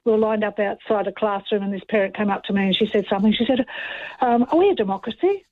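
A woman's voice: mid-range voice, level tone, quick pace. Exasperated Australian woman caller, phone line. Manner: exasperated, chatty. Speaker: caller, teacher. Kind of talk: talkback call.

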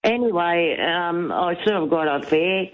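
A woman's voice: fairly low pitch, measured pace. Chatty woman calling in on a tinny phone line. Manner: chatty, rambling, many fillers and restarts. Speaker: radio caller. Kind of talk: casual phone-in storytelling. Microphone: telephone.

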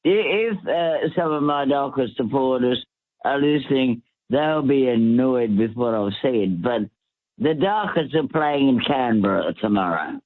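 A man's voice: medium pitch, lively intonation, measured pace, no echo. A man from Western Australia with an Australian accent, calling in to chat casually and rambling as he hunts for words. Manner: chatty, rambling, loses his words. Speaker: caller. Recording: tinny phone line.

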